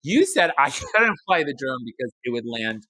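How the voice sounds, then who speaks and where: A man with a bright, clear voice chats on a podcast, cutting in with teasing remarks. His pitch swings a lot, and the sound is close and dry. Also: moderate pace, no room sound, poor audio. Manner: lively, interjecting, teasing. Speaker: podcast guest. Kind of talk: casual chat.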